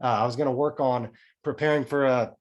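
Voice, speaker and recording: A man's voice: mid-range voice, fast talker, lo-fi sound. A man in his forties, a podcast guest telling a personal story in casual chat, frank and often swearing. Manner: frank, swears freely, tells a story in a lively way.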